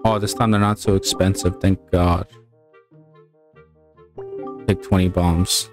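Excitable swearing male gamer. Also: low-pitched, takes it slowly, over music. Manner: excitable, swears and laughs when frustrated. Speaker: let's play gamer. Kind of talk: casual gameplay commentary.

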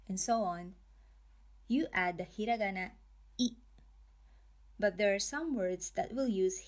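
A woman narrating a pronunciation lesson at an unhurried, deliberate pace. Her pitch sits in an ordinary middle range. She draws out each example word with careful, clear articulation. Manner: slow, careful, drawn-out pronunciation. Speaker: language teacher.

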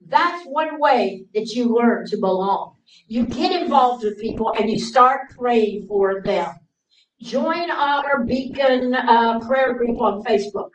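A woman preacher giving a sermon full of personal stories, acting out her younger self in a raised, pleading voice and dropping to hushed tones for quiet moments. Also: sits high. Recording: roomy sound from a distant mic.

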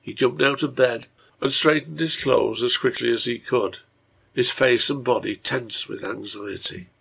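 A man reading a serialized story aloud in a measured way. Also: medium pitch, creaky, fairly bright tone, breathy edge. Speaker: reader and translator.

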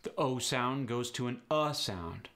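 A man working as an accent coach, briskly explaining pronunciation changes in a matter-of-fact instructional style. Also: mid-range voice, lively intonation, sharp tone.

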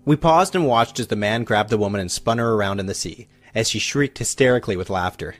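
A man, a relationship coach, narrating a scripted first-person story in an animated, confiding way. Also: on the low side, fast, dry recording, faint music behind.

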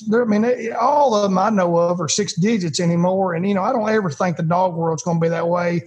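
Husky, high-pitched man talking dogs. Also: brisk, darkish tone. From United States. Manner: emphatic, folksy, repeats words. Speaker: retriever trainer, podcast guest. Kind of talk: casual interview talk.

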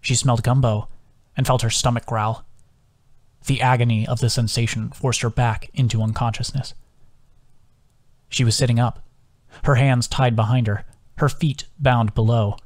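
A man, the author, reading his own novel aloud as an audiobook narrator, in an even, measured way with hushed quoted lines. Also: medium pitch.

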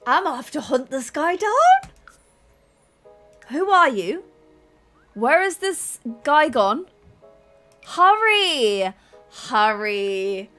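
A woman's voice: on the high side, fairly bright tone. A woman playing a life-sim game and commenting, theatrical, playfully menacing and giggly. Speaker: gaming YouTuber. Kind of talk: playful let's-play commentary.

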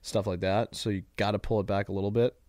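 Brash guy swearing nonstop, rattles it off quick, dry close mic. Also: lowish voice, little pitch movement, darkish tone, dry recording. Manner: profane, brash, joking. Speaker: guest, social media comedian. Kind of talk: casual podcast chat. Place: office studio.

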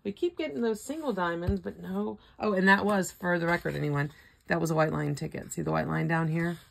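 An older woman with a hoarse throat, casually calling out scratch-off ticket symbols one by one with chatty asides. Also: lowish voice, a little fast, heavy background noise. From Florida. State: hoarse, throat not cooperating. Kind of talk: casual running commentary.

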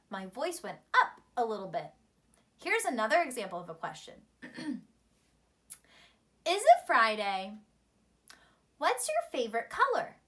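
A woman's voice: on the high side, pushed and bright. A woman teacher speaking to young children in an encouraging storytime lesson. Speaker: primary school teacher.

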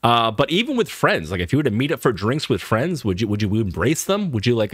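A man's voice: mid-range voice, fast, hardly any pauses, no room sound, studio quality. A man from Boston with an American accent, chatting casually as he reacts to a video, with lots of fillers. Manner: animated, chatty, many fillers.

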